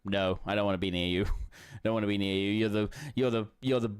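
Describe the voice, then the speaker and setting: Grumpy old pet dog, man doing it in near his own voice, smooth, indignant and huffy. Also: lowish voice, fairly even intonation, a little fast, close to an everyday voice.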